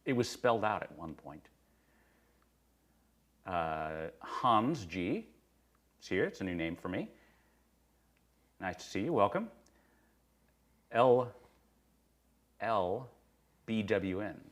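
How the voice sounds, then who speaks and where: A man's voice: lowish voice, sing-song, takes it slowly, pauses often, fairly bright tone. A man co-hosting a casual live tech chat, easygoing and reading out viewer names. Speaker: co-host.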